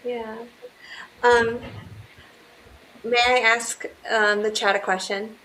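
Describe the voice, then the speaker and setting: A woman's voice: on the high side, flat delivery, slow, fairly bright tone, slight background noise, low-quality recording. Chatty middle-aged woman, hesitant fillers. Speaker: guest caller. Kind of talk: casual chat.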